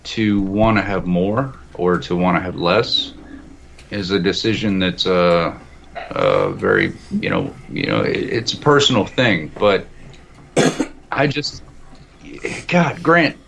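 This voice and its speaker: A man's voice: deep voice, very animated, takes it slowly, vocal fry. A man talking as a guest in a roundtable discussion, rambling and philosophical, with lots of restarts. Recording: muffled lo-fi audio with faint hiss.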